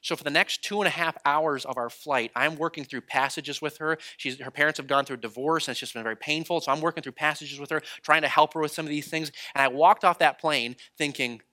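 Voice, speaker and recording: Male preacher, fairly high and bright tone, animated story sermon, acts out quoted voices. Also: fast, hardly any pauses. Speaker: traveling preacher.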